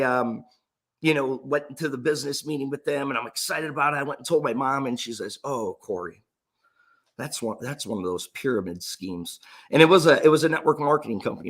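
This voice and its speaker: In a motivational talk about his own life, a man in his thirties who works as an entrepreneur speaks earnestly and with emotion, frequently starting sentences over. He has a medium-pitched, slightly bright voice.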